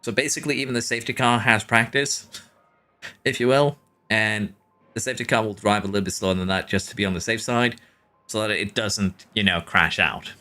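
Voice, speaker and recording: A man's voice: on the low side, steady tone, a little fast, sharp tone, soft background music. A Norwegian man, a streamer, chatting casually with his live audience while playing, answering chat and chuckling often. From Norway.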